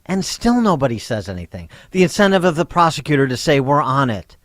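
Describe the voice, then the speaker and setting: A man hosting a talk radio show, arguing a point with halting restarts that build into pointed questions. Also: fairly high pitch, big pitch swings, a bit bright, no echo, clean studio sound. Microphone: studio microphone.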